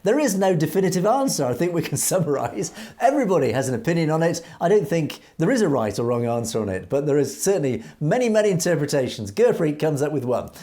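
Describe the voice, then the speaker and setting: A man's voice: on the high side, very animated, quick pace, hardly any pauses, mellow. Earnest man co-hosting commentary. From United Kingdom. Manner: earnest and emphatic, with many restarts and fillers. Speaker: co-host reading viewer comments. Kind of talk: political commentary show chat.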